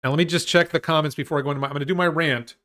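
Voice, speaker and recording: A man hosting a livestream, talking through ideas out loud with restarts and reading viewer comments before launching into a rant. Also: fairly high pitch, fairly even intonation, racing. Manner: thinks aloud with restarts, reads comments. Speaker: host of a livestream on stocks. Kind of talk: solo livestream talk and rant.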